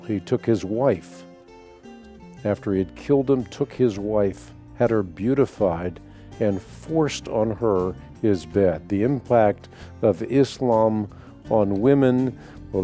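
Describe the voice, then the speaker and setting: A man hosting a call-in radio show, talking in a measured, emphatic, preacherly way. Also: lowish voice, warm tone.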